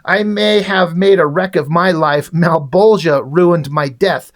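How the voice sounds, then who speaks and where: A man voicing a brooding, angry male hellspawn antihero, read out in a low, flat way. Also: measured pace, natural voice. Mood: grim, angry.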